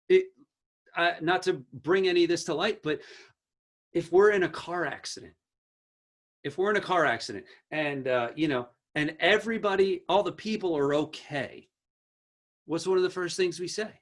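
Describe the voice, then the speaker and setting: A man speaking as a teacher to parents, earnest, repeating key phrases and acting out quotes from kids and parents. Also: fairly high pitch. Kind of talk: presentation to parents.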